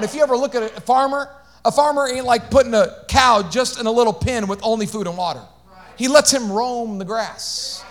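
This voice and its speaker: High-voiced preacher, shouting and hushing. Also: male voice. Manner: animated preaching, shifts between shouting and hushed asides, call-outs to congregation. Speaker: pastor. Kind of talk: sermon.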